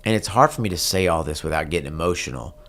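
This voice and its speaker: A man's voice: sits low, lively intonation, fairly bright tone. A man, earnestly telling a personal story in an interview. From Texas. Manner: earnest, reflective, slowing down at key moments. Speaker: guest, country singer.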